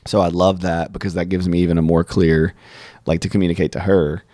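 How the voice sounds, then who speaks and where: A man's voice: sits low, fairly quick, no echo, clean studio sound. A man hosting an interview, chatting casually and acting out both sides of his stories. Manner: animated storyteller, acts out both sides. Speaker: podcast host.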